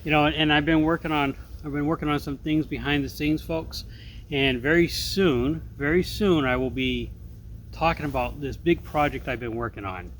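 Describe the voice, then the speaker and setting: Middle-aged guy chatting to camera in the woods, earnest, keeps saying folks, a bit high-pitched. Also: normal speed, a bit bright, slight background noise. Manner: upbeat, earnest, often says folks. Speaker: outdoor vlogger. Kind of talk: casual talk to camera. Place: woods outdoors.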